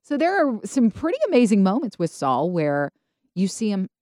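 Animated woman retelling Bible stories. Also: mid-range voice, dry recording, studio quality. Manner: animated storytelling, acts out biblical characters in quick voices. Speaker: podcast co-host. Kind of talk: casual Bible discussion.

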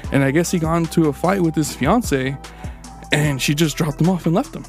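A man's voice: on the high side, fairly quick, a little mellow, soft background music. A man co-hosting a casual podcast, telling rambling, profane stories packed with fillers. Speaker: podcast co-host. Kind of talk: casual storytelling chat.

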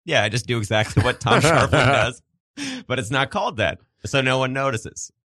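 A man's voice: medium pitch, a little fast, pushed and bright, no room sound, clean studio sound. A man hosting a comedy podcast, riffing playfully and laughing often in casual chat. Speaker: podcast host.

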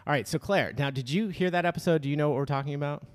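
A man's voice: fairly high pitch, rapid-fire, long reverb tail. A man co-hosting a podcast in casual chat, joking and reading listener emails aloud. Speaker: podcast co-host.

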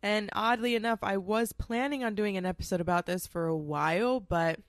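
A woman's voice: medium pitch, normal speed, dry recording, studio quality. A woman hosting her own show, telling a personal story in a candid, chatty, confiding way. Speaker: podcast host. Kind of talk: casual solo storytelling.

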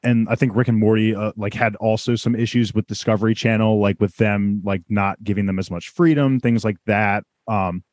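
A man's voice: lowish voice, fairly even intonation, moderate pace, hardly any pauses, darkish tone, no room sound, studio quality. A man co-hosting a casual recap chat about a cartoon, explaining things at length with lots of fillers. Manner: rambling, filler-heavy explaining. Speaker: podcast co-host.

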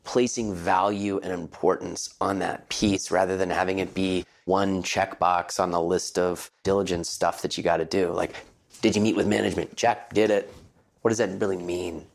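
A man speaking as an interview guest about the investment firm where he works, measured and earnest as he thinks aloud. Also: low voice, flat delivery, creaky. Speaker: guest, partner at his late father's investment firm. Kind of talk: reflective interview answers.

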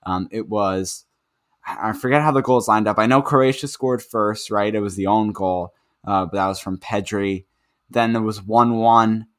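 A man's voice: fairly low pitch, a little slow. A man co-hosting a football podcast, recapping matches in a casual, rambling way with many fillers. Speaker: podcast co-host. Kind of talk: casual sports chat.

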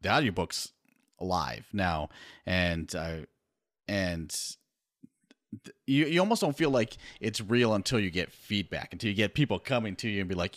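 A man's voice: on the low side, expressive, fairly quick, no echo. A man, an author guest on a podcast, talking in an easygoing, self-deprecating, rambling way. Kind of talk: casual podcast chat.

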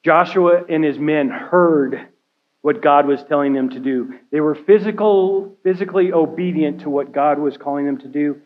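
A man preaches in a high, light voice, talking to his church more than lecturing it. He keeps checking in with "right?" and "okay?" as he goes. The recording is dull and a little lo-fi, as if captured in a church sanctuary. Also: normal speed. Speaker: care pastor. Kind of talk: sermon.

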